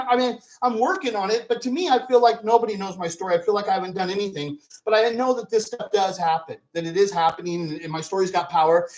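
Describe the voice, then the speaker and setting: A man's voice: sits high, poor audio. A man hosting a vlog who rants angrily and profanely, repeating himself as he argues. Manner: angry, profane, repetitive ranting. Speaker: video host. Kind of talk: profane ranting vlog commentary.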